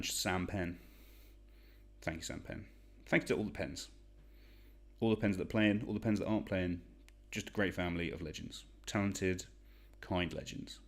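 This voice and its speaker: Deep-voiced young man hosting a quiz. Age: young adult. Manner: chatty, self-deprecating, reads shout-outs. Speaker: online quiz host. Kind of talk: casual quiz hosting livestream.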